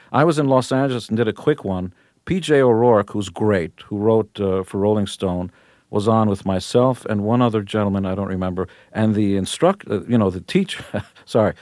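A brash man in his fifties talks in a low voice on a radio interview. His talk is boastful and punchy. The studio sound is dry and close. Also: lively intonation, moderate pace, darkish tone, no room sound. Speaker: rock musician guest.

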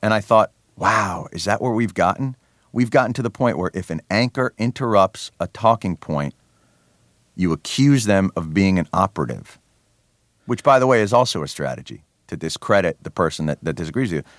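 A man with a very deep voice swings up and down in pitch as he talks. He sounds sardonic and animated, tripping into restarts as his thoughts outrun his words. The sound is close and dry, as from a studio mic. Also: moderate pace, no echo. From New Jersey. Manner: many restarts and fillers. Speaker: interview guest, comedy show host. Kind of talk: radio interview.

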